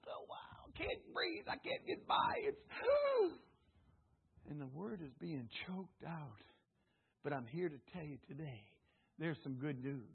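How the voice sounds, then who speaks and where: A man preaching a fervent sermon at a church service. He calls on the congregation to repeat his words and swings between loud exclamations and hushed asides. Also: high-pitched, slightly rough. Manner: fervent preaching with call-and-response prompts to the congregation. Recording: tinny phone-like audio.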